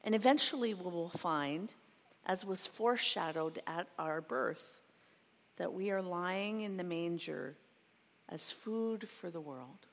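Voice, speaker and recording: A woman preaching a sermon in a slow, reflective way, reading a passage and then going over it again. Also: on the low side. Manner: slow, reflective, reads a quoted passage twice. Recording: long reverb of a large hall.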